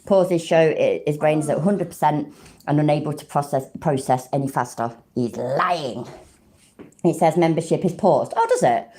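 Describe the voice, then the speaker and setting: A woman's voice: low voice, moderate pace, mellow. A woman streaming, giving sarcastic, casual commentary and swearing freely. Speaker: streamer reacting to clips.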